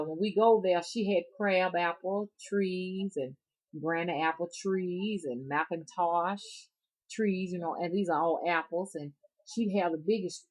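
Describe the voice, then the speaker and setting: A middle-aged woman with a Southern US Alabama accent tells stories of her childhood in a folksy, meandering way. Her voice sits on the lower side, and she circles back and repeats herself as she goes. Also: a little mellow. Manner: folksy, meandering, with repetitions and digressions. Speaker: rootworker and storyteller. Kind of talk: casual spoken storytelling.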